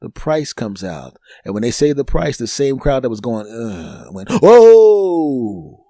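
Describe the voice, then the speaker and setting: Animated male comedian telling a story. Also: medium pitch, normal speed, no room sound, clean studio sound. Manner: animated, acts out other people's voices in the story. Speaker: comedian and podcast host.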